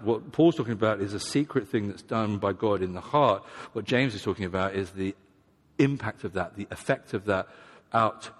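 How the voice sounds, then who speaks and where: A man's voice: on the low side, a bit bright. A man preaching a sermon in a conversational, self-deprecating way, sometimes acting out the voices of imagined people. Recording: long hall reverb.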